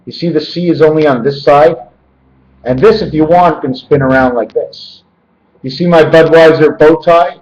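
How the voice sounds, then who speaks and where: Speaking at normal speed in a slightly high voice with a darkish tone, this vlogger wanders through loose word and number associations while filming himself on a handheld camera at home. The recording has the echoey, dull quality of lo-fi camera audio.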